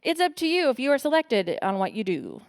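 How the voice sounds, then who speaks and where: A woman's voice: a little high, big pitch swings. Breezy woman hosting lightning talks. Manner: breezy and offhand, with quick asides. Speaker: session host. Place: conference stage.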